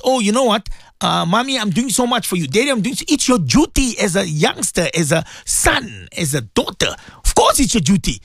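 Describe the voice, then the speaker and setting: Lively, emphatic radio preacher. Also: mid-range voice, vocal fry, husky, no room sound, studio quality. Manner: emphatic, repeats phrases, rhetorical questions; mixes Arabic religious phrases into English. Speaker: radio show host.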